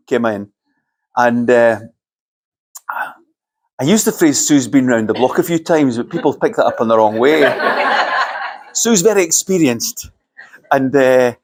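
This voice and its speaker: A middle-aged Scottish man giving a conversational, lightly joking talk to a live audience, telling anecdotes. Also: medium pitch. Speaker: keynote speaker.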